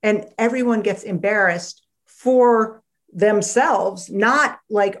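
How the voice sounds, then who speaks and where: A woman author, a guest on a podcast, talking in an animated storytelling way and acting out quoted voices. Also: medium pitch, slow pace, few pauses. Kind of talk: podcast interview conversation.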